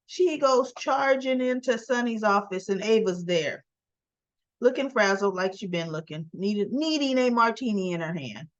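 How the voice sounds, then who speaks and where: A woman recapping a soap opera episode in a casual, animated, colloquial manner. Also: medium pitch, moderate pace. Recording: dull dry sound.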